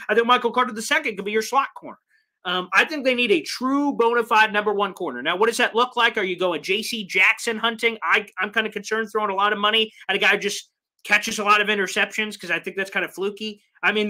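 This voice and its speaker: A man hosting a live sports fan recap, reading viewer comments in an animated, rambling way, his voice strained from yelling. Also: high-pitched. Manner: animated, rambling, mock voices for quoted people. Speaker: sports fan show host.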